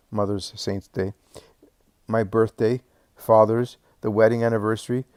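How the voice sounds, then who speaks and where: A man narrating a first-person memoir in a slow, measured, emotional way, building to swelling emphasis on key phrases. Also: fairly low pitch, darkish tone, no echo, clean studio sound. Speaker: audiobook narrator.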